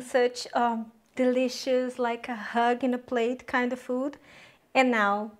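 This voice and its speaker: A woman with a high, light voice hosts a casual cooking demonstration to camera. She is chatty and upbeat and talks the viewer through every step from her home kitchen. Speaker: cooking channel host.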